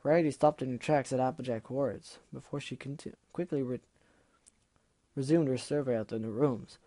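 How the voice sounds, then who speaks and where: A man reads a fan story aloud in a warm, mellow voice. He trips over words now and then and breaks off for chatty, self-mocking asides. The recording is close and dry. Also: mid-range voice, fairly even intonation, a little fast, no room sound. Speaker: reader of fan fiction. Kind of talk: casual reading aloud with asides.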